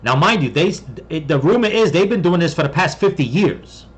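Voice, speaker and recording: American guy ranting casually, kinda high voice, keeps going "okay?" and restarting. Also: expressive, brisk, breathy edge, highs cut off. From United States. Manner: rambling, repeats "okay?" often, restarts. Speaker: commentator. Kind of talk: casual commentary reading an article.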